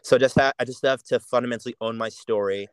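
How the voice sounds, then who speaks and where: A man's voice: mid-range voice, steady tone, quick pace, clear, resonant tone, dry recording. A young man from Jamaica with an American accent, a podcast guest talking casually and reflectively, often restarting and repeating words. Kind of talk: casual chat.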